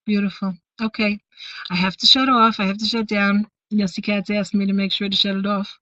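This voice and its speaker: A woman teaching a weekly class, telling a story at a middling pitch with many searching fillers and restarts. The sound is dull and lo-fi, with a dry, close feel and no room echo. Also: level tone, fairly quick, bright, forceful tone. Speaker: teacher of a women's course. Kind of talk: teaching, retelling a Hasidic story.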